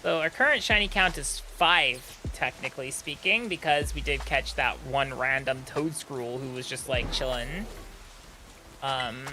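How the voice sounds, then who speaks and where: A man's voice: mid-range voice, a little slow, music in the background. A man chatting casually on a gaming stream, rambling with many fillers and restarts.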